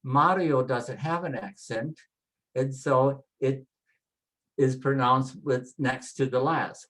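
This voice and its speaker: Slow, patient pronunciation teacher. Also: medium pitch, fairly even intonation, a bit bright. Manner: slow, patient, repeats each name several times; spells out vowels one by one. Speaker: Spanish pronunciation instructor. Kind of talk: spoken pronunciation lesson.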